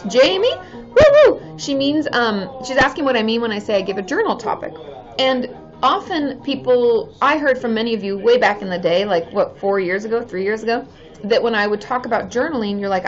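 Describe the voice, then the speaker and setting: A woman in her thirties, a therapist hosting a casual live stream, chatting with viewers in a bubbly way and cheering often. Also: a little high. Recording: slightly dull sound with faint music behind.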